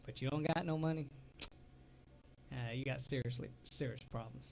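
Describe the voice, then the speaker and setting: A man's voice: medium pitch, normal speed, darkish tone, slight background noise, poor audio. A man with a Southern US accent co-hosting a casual talk show, telling rambling stories and often trailing off. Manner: rambling storyteller, laughs easily, trails off mid-sentence. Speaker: co-host. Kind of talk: casual chat.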